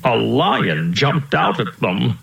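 A man narrating a children's storybook aloud in a steady, storytelling way, in a roomy-sounding recording. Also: mid-range voice, takes it slowly, gravelly. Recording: roomy echo.

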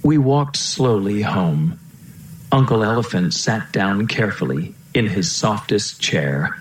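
A man narrating a children's storybook aloud in a steady, storytelling way, in a roomy-sounding recording. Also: lowish voice, slow. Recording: roomy echo.

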